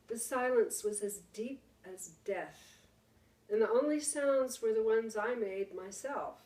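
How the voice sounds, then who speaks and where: A woman teacher reading a storybook aloud to her class, slow and dramatic, with hushed pauses. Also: medium pitch. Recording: roomy, distant mic.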